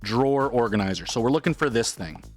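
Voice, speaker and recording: A man's voice: mid-range voice, animated, fast, a little mellow, soft background music. A man telling a long, rambling story to his stream chat, slipping into quoted voices as he goes.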